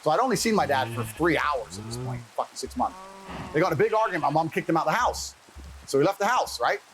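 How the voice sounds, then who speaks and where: A man telling a personal story as an interview guest in a fast, casual, profane way. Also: on the high side, animated, background noise.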